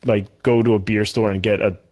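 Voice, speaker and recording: A man co-hosting a casual podcast chat in a relaxed, joking way. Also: fairly low pitch, a little fast, dull audio. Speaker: podcast co-host.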